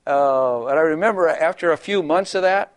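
An older man preaches in a loose, joking way, laughing often between lines. His voice sits a little high for a man. The sound is dry and close, with no room echo. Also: moderate pace. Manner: chatty, jokey, laughs often, acts out voices. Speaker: pastor. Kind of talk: humorous sermon.

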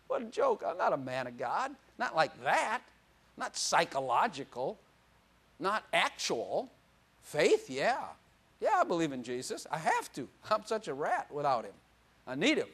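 An older man preaching a sermon, animated, swinging from loud exclamations to quiet asides and laughing often. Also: fairly high pitch, normal speed.

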